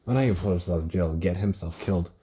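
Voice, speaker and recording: A young man rambles fast through a casual solo podcast episode about a TV show, tired, stuttering, and swearing along the way. His voice is low-pitched and warm, with a little hiss or hum in the audio.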